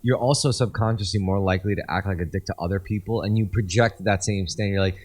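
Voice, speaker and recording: Rambling young man, low voice. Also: fast talker, few pauses. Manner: rambling storyteller, animated quoting. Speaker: podcast co-host. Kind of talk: casual chat.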